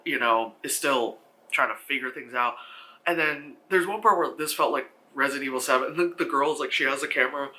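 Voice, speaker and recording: A man giving a casual, animated film review, often swearing and acting out characters' reactions in shrieking voices. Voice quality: bright, animated and expressive, swears freely. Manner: acts out characters in squealing high voices. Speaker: movie reviewer.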